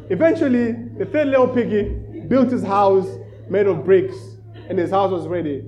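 A man preaching to a church, telling a children's story with lively energy. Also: high voice, brisk, dull audio, a faint crowd. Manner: animated storyteller, rising in volume. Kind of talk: sermon with storytelling.

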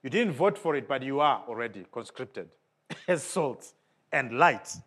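A man's voice: expressive, a little slow, a bit bright. A man preaching a sermon in an emphatic way, often putting questions to the congregation. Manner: emphatic, with big swings of pitch and volume.

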